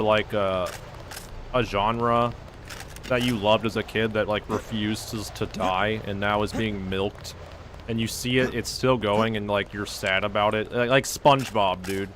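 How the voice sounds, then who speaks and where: A man's voice: fairly low pitch, measured pace, a bit bright, a little hiss or hum. A man streaming a game, ranting casually and profanely, filling his talk with "like". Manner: profane, ranting, heavy use of "like". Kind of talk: casual gaming stream rant.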